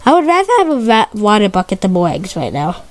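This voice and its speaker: A woman giving excitable, stuttery gameplay commentary, repeating her exclamations and swapping curses for mild words. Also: mid-range voice, quick pace. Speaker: gamer.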